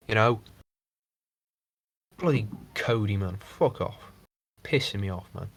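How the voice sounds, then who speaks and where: Sweary podcast host, lowish voice. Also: male voice, unhurried, gravelly, long pauses, breathy edge, no echo. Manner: rambling, sweary, mocking impressions. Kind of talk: casual chat.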